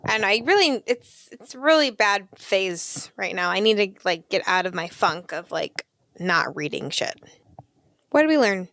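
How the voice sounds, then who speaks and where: A woman's voice: mid-range voice, very animated, a little slow, fairly bright tone, no room sound, studio quality. A woman co-hosting a casual podcast chat, hesitant and often trailing off. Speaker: podcast co-host.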